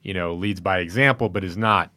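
A man discussing basketball in a measured way and asking his co-host questions. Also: deep voice, sharp tone. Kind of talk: casual sports discussion.

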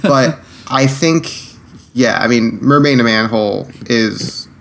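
A man with a gravelly, fry-laden voice chats easily about films on a podcast. His manner is relaxed and talkative, with faint background hiss behind him. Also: medium pitch, a little slow. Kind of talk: casual film discussion.

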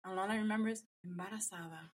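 A woman with a husky, slightly breathy voice tells a personal story on a podcast. She is animated and acts out the voices of other people as she goes. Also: medium pitch, brisk. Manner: animated, acts out quotes in Spanish. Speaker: guest.

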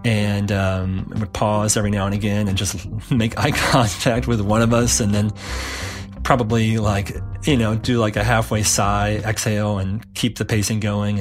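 A middle-aged man casually recalling his school sports days, relaxed and rambling with many fillers. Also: lowish voice. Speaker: interviewee, former player. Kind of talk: casual recollection.

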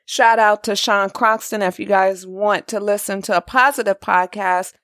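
A woman's voice: mid-range voice, steady tone, normal speed, a bit bright, no echo, clean studio sound. Chatty woman hosting a podcast. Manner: chatty, upbeat, laughs easily. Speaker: podcast host. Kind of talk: casual chat.

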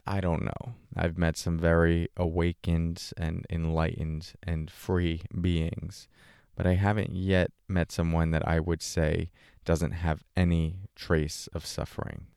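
Gravelly low-voiced man teaching meditation. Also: slow, dry recording, studio quality. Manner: questioning, talks back and forth with an imagined listener; relaxed and casual, light laughs. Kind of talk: reflective spiritual talk.

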